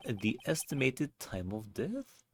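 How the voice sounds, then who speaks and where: A man's voice: medium pitch, sing-song, slow pace, slight background noise, voice pushed up. A man voicing a cool, smug prosecutor from a game in a put-on French accent, drawling and teasing.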